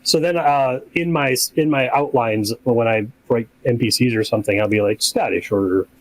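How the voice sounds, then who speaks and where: A man who runs tabletop games, talking casually on a podcast in a relaxed, rambling way and acting out examples. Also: medium pitch, moderate pace, no echo, low-quality recording. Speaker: game master.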